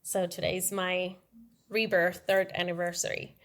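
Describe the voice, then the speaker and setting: A woman's voice: on the low side, level tone, a little slow, a little hiss or hum. A woman in her thirties, a guest on a podcast, telling her personal story candidly and acting out the dialogue. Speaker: interview guest.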